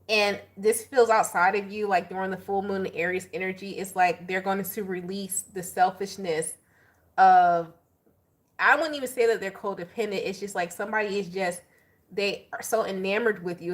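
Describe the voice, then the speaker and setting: Woman tarot reader, animated, slangy and chatty, mid pitch, casual delivery straight to viewers.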